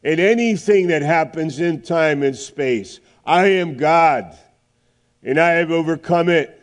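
A middle-aged man preaching a sermon, emphatic, with dramatic pauses and swings from loud to hushed. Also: on the high side.

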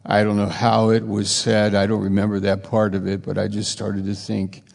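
A man preaching a sermon, slow and halting, with emphatic rising bursts. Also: fairly low pitch, completely flat delivery, creaky, a little mellow. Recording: reverberant hall.

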